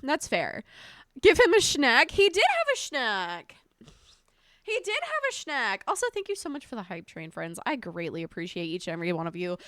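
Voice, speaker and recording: Woman, live streamer, casual chat, high voice, dry close sound, talkative and scattered. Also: huge pitch swings, moderate pace, fairly bright tone, no room sound. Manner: chatty and scattered, thanking viewers, mild swearing.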